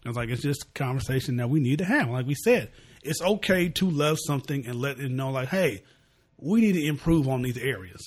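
A man co-hosting a podcast in relaxed, conversational casual chat, often quoting his own reactions. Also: medium pitch, brisk. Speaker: podcast co-host.

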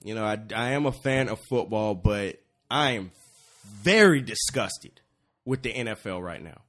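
A man's voice: on the low side, lively intonation, normal speed, fairly bright tone. A man co-hosting a sports podcast, talking casually with stammered restarts. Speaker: podcast co-host.

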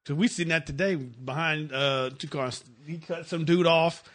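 A man hosting a casual sports chat, telling animated stories with laughing asides. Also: on the high side, normal speed. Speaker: podcast host.

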